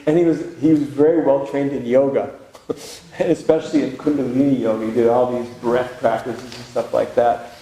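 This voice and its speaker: A man's voice: medium pitch, steady tone, normal speed, mellow. A man, a monk, giving a spiritual retreat talk in a conversational, reflective way with humorous asides. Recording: very echoey room with faint background noise.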